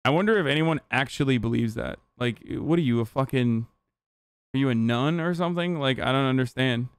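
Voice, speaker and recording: A man's voice: medium pitch, a little fast, clean tone, no room sound. A young man ranting in profane, casual commentary, talking straight to his live-stream chat. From Turkey. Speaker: streamer reacting to a video.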